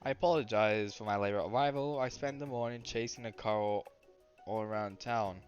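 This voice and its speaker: A man's voice: normal speed, lo-fi sound, soft background music, lightly acted. A man voicing a fussy, tiny-legged female teacher creature in a game. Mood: flustered. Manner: flustered, high and loud.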